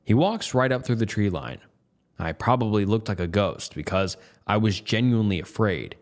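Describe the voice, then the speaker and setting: Low-voiced man narrating a tense story. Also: lively intonation, normal speed. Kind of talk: first-person story narration.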